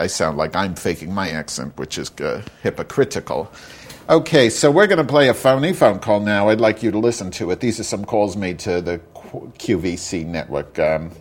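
Low-voiced man ranting on a podcast. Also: normal speed. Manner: profane, rambling, ranting. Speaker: podcast host. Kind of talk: casual solo podcast rant.

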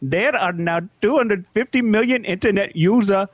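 A man doing a bumbling comic newsreader with a high, husky voice and broken grammar, clumsily reading headlines in a put-on accent. The sound is close and dry, with no room around it. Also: moderate pace, dry recording, dull audio. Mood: goofy. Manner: broken grammar, mispronouncing words, joking banter. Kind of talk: comedic call banter.

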